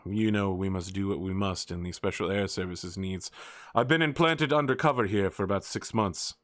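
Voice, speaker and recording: A man voicing a composed male secret agent, speaking formally and politely. The voice sits slightly low, dry and close to the mic. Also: moderate pace, fairly bright tone, no echo.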